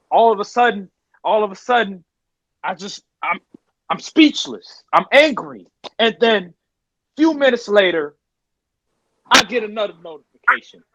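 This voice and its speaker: A man's voice: sits high, fairly bright tone, no room sound, dull audio. A man hosting a podcast, ranting casually and emphatically and repeating his points. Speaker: podcast host. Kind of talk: casual sports rant.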